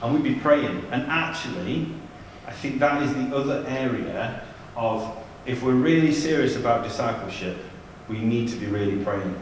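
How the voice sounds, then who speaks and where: Male youth leader, mid-pitched, chatty and funny, telling anecdotes; heard from afar in a big reverberant church. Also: expressive, normal speed, few pauses, slight background noise. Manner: chatty, humorous storytelling with asides. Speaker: youth ministry leader giving a seminar. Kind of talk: anecdotal church seminar talk. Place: large church hall. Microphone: distant from the mic. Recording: echoey church hall from far off.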